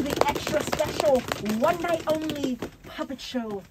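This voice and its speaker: A woman, a picture-book author, reading aloud to children at a bookstore, playful and expressive and chatting with her audience. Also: high-pitched, measured pace, heavy background noise. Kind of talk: animated read-aloud for kids.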